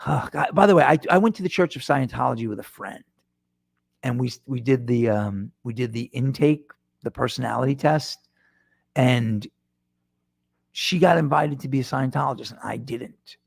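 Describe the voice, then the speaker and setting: A man's voice: mid-range voice, normal speed, vocal fry, husky, no echo, clean studio sound. A middle-aged man hosting his own podcast, talking to listeners in a rambling, self-deprecating way with lots of restarts. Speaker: podcast host. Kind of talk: casual solo monologue. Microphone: microphone in front of him.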